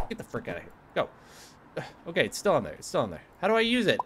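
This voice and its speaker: A young man playing a cooking game and commenting as he goes, frantic and sarcastic, jumping from low mutters to squeaky outbursts. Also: big pitch swings, fairly quick, fairly bright tone, a little hiss or hum. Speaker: gaming youtuber. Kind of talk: casual gameplay commentary.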